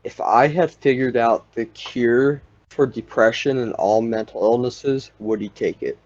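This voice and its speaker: A man's voice: medium pitch, a little slow, darkish tone, no room sound. A young man in casual chat, rambling and saying "like" constantly. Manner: rambling, heavy use of "like". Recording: dull lo-fi sound.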